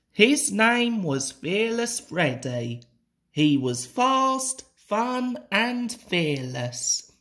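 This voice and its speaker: Man slowly reading a children's book. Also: high-pitched, a bit bright. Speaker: storybook reader.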